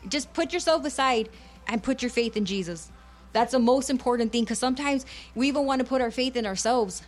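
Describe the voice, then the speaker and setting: A woman preaches on a radio ministry program in a fervent, conversational way, moving between English and Spanish. Her voice sits a little high, and soft music plays faintly behind her. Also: fairly quick. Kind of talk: bilingual preaching and encouragement.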